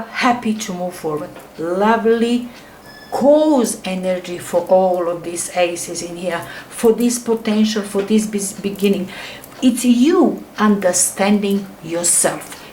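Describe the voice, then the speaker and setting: A middle-aged woman chats her way through a tarot reading in non-native English, her voice sitting at an ordinary middle pitch. She rambles eagerly, and her voice often drops to a soft near whisper. A faint hiss of noise sits under her voice. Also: poor audio. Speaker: tarot reader. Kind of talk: casual tarot reading to camera.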